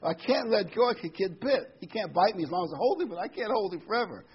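A man's voice: high-pitched, lively intonation, quick pace, breathy edge, highs cut off, pitched above the performer's own voice, heavily acted. A man voicing a panicky male fisherman in a told joke, talking to himself in a frantic rush. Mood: panicked.

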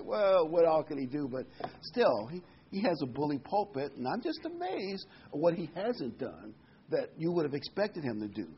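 Older male preacher, conversational sermon. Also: fairly high pitch. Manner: conversational preaching with hesitant restarts. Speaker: pastor. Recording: dull lo-fi recording with faint noise.

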